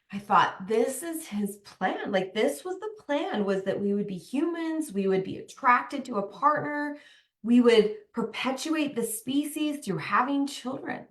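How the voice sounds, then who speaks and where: In an echoey room, a podcast host who coaches moms gives a motivational talk to fellow mothers. Her medium-pitched, fairly bright voice carries a chatty, emphatic, candid style, with "like" turning up often.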